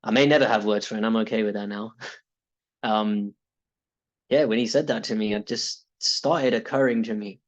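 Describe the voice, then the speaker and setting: A man's voice: on the low side, fairly even intonation, normal speed, dull audio. A British man talking casually and reflectively about his coaching, rambling with restarts and laughs. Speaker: coaching client.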